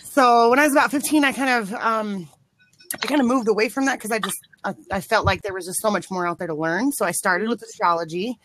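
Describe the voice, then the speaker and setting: A woman from Utah, a guest in a casual online video chat, talking in a relaxed, rambling way. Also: medium pitch, fairly quick.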